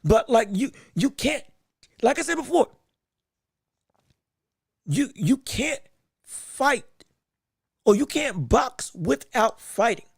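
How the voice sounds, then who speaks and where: Man, fight commentary host, emphatic, slangy, raspy, fry in the voice. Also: very high voice, takes it slowly, pauses often, no room sound, studio quality. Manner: excitable, emphatic, repeats himself; casual slangy talk. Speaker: podcast host.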